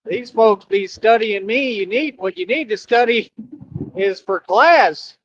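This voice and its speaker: A man's voice: high-pitched, a little slow, a bit bright, dull audio, a little hiss or hum. A man hosting a casual livestream, laid-back and teasing, repeating his phrases and laughing often. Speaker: livestream host.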